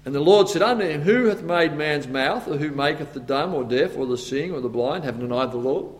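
A man's voice: fairly high pitch, fairly quick, hardly any pauses. A man preaching a sermon, acting out the voices of Moses and God with stammers and asides. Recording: long hall reverb.

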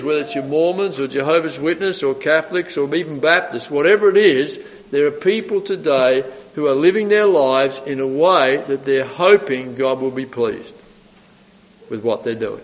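A man delivers a sermon in a fairly high voice, firing rhetorical questions at his listeners and swinging from forceful emphasis to quiet asides. His voice rings with a long reverb from a church hall. The recording sounds dull and lo-fi. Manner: asks the audience rhetorical questions, swings between loud emphasis and soft asides. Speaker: preacher.

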